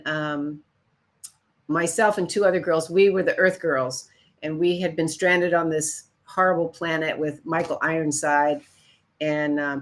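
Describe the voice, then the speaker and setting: Being interviewed as a guest, an older Chicago woman shares anecdotes about her working life. She tells them with animation, performing others' dialogue by raising her voice to a higher pitch.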